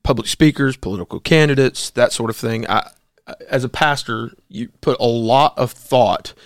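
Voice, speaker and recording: A man's voice: mid-range voice, moderate pace, no echo. Emphatic pastor man, dry close sound. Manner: opinionated, emphatic, rhetorical questions. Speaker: co-host, pastor. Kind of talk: casual talk show commentary.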